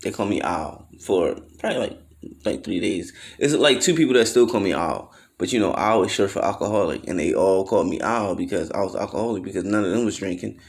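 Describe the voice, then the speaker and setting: Low-voiced man telling a loose story. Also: lively intonation, a little fast, vocal fry. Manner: loose slangy storytelling, acts out quotes in raised voices; swears freely, trails off with fillers. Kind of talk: casual storytelling monologue.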